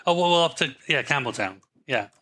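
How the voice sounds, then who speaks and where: A man's voice: fairly high pitch, lively intonation, brisk, bright, forceful tone. A man from northeast England co-hosting a podcast, dry and stubborn in casual chat. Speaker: podcast co-host.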